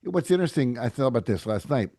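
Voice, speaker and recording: Middle-aged male guest, lively storyteller, dry close sound. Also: mid-range voice, fast, dry recording. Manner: animated storyteller, acts out quotes. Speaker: podcast guest. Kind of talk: casual interview chat.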